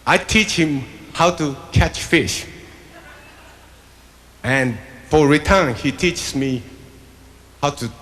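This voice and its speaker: A man hosting his own live stage show, joking with the audience in halting, slightly broken English. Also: on the high side. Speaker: stage show host and performer. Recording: roomy theater VHS recording with loud band and audience.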